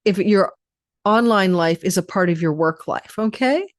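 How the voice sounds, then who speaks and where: A woman's voice: medium pitch, moderate pace, dry recording, studio quality. A tired woman astrologer giving a rambling, chatty forecast and running through lists of possibilities. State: tired, yawning.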